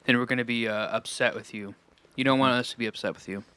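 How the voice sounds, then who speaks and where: Brief: young male co-host, bright voice, dry close sound, easygoing banter. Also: medium pitch, fairly even intonation, smooth, dry recording. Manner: easygoing, joking, quick reactions. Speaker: podcast co-host watching a playthrough. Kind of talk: casual let's-play chat.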